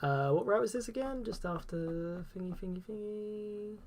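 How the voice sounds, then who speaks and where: A young man, commentating on a live game stream, casual and excitable and swearing freely. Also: high voice, moderate pace.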